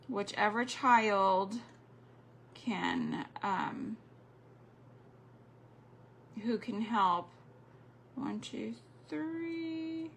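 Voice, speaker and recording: A woman's voice: medium pitch, creaky, a bit bright, a little hiss or hum. An older woman, chatting casually while crafting and counting beads under her breath on a livestream.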